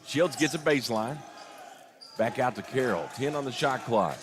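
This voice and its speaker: A young man calling a basketball game play-by-play, openly partisan and quick to get worked up over big plays and missed calls. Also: medium pitch, slight background noise. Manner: excitable, rises sharply on big plays and disputed calls; openly partisan, admits getting emotional. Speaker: play-by-play announcer. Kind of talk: live basketball commentary.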